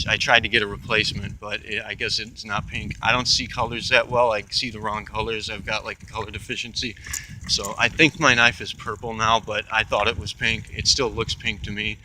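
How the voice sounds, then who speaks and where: A man's voice: on the low side, pushed and bright, a little hiss or hum, low-quality recording. A young man telling a personal story in a rambling, profane way, full of restarts and asides. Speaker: channel host.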